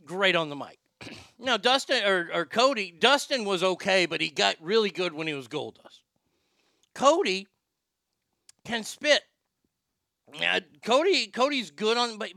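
A man's voice: sits high, vocal fry, pushed and bright, dry recording, clean studio sound. A man hosting a show with sarcastic, profane ranting commentary and frequent stammered restarts. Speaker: podcast host.

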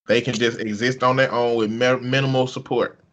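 Bright-voiced Southern man telling stories. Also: brisk, dull audio. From American South. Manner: animated storyteller, breaks into loud high-pitched outbursts. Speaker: podcast co-host. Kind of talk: casual comedic chat.

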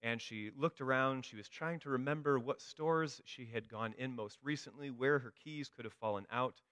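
A man's voice: medium pitch, moderate pace, fairly bright tone, dry recording. A man giving a sermon, telling a story with dry humor. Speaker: preacher.

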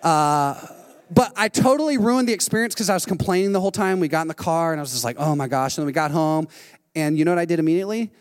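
A middle-aged man preaching a sermon, telling a lively story and acting out what people said. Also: fairly high pitch, fast talker, clean tone. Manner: animated storytelling, acting out quotes. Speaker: pastor. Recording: long hall reverb.

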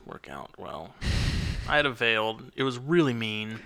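A young man co-hosting a podcast, chatting casually and rambling through his stories with lots of restarts. His voice has a gravelly grain and a bright, forceful edge. He sounds like an everyday guy talking into a podcast mic. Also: mid-range voice, big pitch swings, moderate pace. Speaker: podcast co-host. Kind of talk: casual chat.

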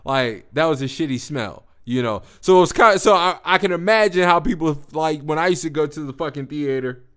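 Animated young man telling stories. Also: fairly high pitch, fairly quick, smooth. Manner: profane, animated, slangy storytelling. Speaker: podcast host. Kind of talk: casual storytelling monologue.

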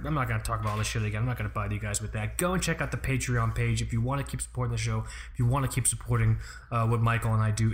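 A man in his thirties hosting a podcast in a casual, rambling chat, full of swearing and quick asides. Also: medium pitch. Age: 30s. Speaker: podcast host.

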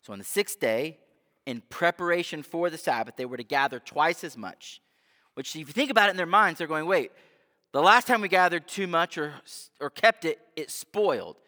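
A man preaching a sermon as pastor, conversational and animated, often asking his listeners rhetorical questions. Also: on the high side, normal speed. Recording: long hall reverb.

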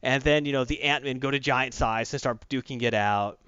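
Man, podcast host, rambling comic recap, animated, mid-pitched voice, dry lo-fi sound. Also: moderate pace, smooth, dry recording. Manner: rambling, animated storyteller who acts out quotes. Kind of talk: casual comic recap chat. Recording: dull lo-fi dry recording.

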